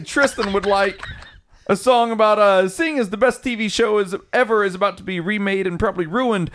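A man co-hosting a podcast, reading listener mail and teasing his co-host in casual chat. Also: high-pitched.

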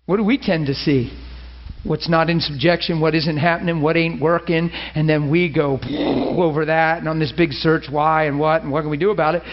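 An emphatic male preacher with a high voice tells stories in a sermon. The recording sounds dull and lo-fi. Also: fairly even intonation, fairly quick. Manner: emphatic, storytelling, laughs often.

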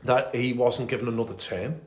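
A man's voice: medium pitch, fairly even intonation, brisk, echoey room. A man co-hosting a podcast, telling military history stories in a casual, enthusiastic way with many fillers. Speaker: podcast co-host.

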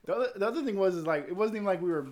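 Quick talking guy telling raunchy stories, swears constantly, acts out quotes. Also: high voice. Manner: crude, animated storytelling with acted quotes. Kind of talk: casual storytelling chat.

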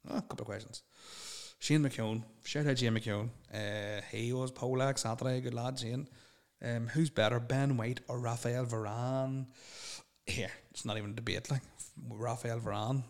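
A man's voice: medium pitch, fairly even intonation, normal speed, a little mellow. A young man hosting a solo podcast, rambling and swearing bluntly as he answers listener questions. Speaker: podcast host.

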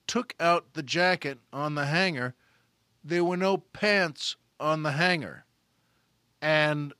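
Comedian, male, bright forceful voice, lively anecdote with acted-out voices, dry close mic. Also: on the high side, no echo. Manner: animated, acts out voices of people in the story. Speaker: comedian telling a story. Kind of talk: comic storytelling.

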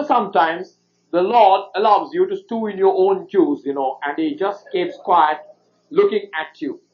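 A pastor with a notably high voice tells a personal story from the pulpit. He builds it through repeated, emphatic phrasing. The recording sounds dull and lo-fi. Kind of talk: sermon storytelling.

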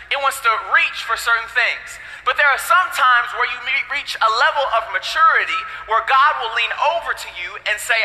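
A young man preaching a sermon as pastor, energetic, with humorous asides and shouted emphasis, in a large church hall. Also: very high-pitched. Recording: echoey church hall with long reverb.

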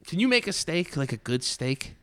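A man co-hosting a podcast in relaxed, rambling banter, swearing casually. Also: on the high side, normal speed, no room sound. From Italian-American family. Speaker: podcast co-host.

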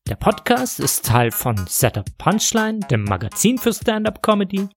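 A man hosting a podcast and reading a scripted introduction in a measured, self-deprecating way. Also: high voice, big pitch swings, faint music behind. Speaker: podcast host.

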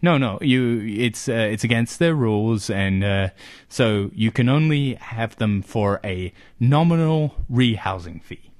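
A man's voice: mid-range voice, expressive, measured pace. A man from Australia hosting a comedy podcast, telling a rambling story full of fillers and rhetorical questions. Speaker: podcast host. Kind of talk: casual comedic chat.

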